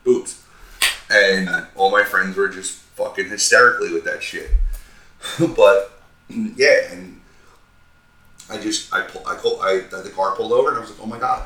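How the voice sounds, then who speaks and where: A man in his thirties, a podcast co-host, telling a profane, animated story with acted-out quotes. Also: fairly low pitch, moderate pace, long pauses, distant mic, a little hiss or hum. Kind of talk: casual storytelling chat. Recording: roomy sound, a bit off-mic.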